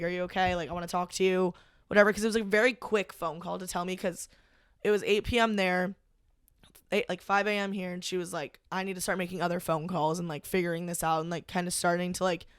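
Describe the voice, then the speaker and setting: A young woman, a podcast guest, recounting a personal story in casual conversation, halting and full of "like". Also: lowish voice, fairly even intonation, clean tone, dry recording, studio quality. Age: young adult. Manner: halting, heavy use of "like", emotional retelling.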